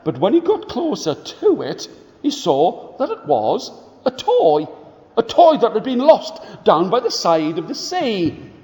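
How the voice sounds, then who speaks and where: Telling a story to schoolchildren, a man speaks in a rather high voice at an unhurried pace, pausing so they can join in. A long reverb from a large school hall surrounds his voice. He's animated, drawing the kids into the actions.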